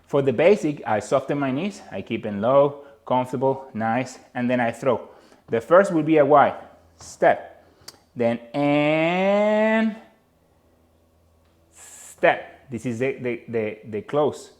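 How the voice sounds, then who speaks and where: A man's voice: medium pitch, expressive, takes it slowly. A man teaching a dance lesson with a Latin American Spanish accent, counting steps aloud and repeating cues. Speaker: dance instructor.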